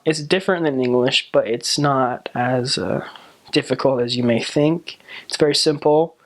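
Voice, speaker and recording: A man, a returned missionary, speaking earnestly and conversationally with frequent fillers. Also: mid-range voice. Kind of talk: casual explanatory talk.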